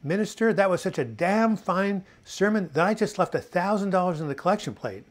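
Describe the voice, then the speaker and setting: A man's voice: mid-range voice, sing-song, fast. A man voicing a blunt, swearing Texan churchgoer in boots and a big hat, inside a joke he tells. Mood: hearty.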